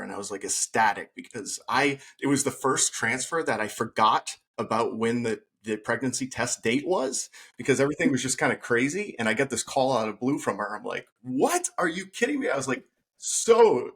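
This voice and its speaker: A man's voice: mid-range voice, gravelly, a bit bright, breathy edge. A man who is a podcast guest, telling his own story earnestly in a conversation and acting out the things people said. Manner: earnest, retells scenes by acting out quoted speech.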